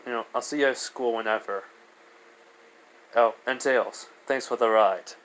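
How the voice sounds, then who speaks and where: A man's voice: medium pitch, normal speed, a bit bright, a little hiss or hum, natural voice, rough recording. A man doing a proud, boastful hedgehog hero.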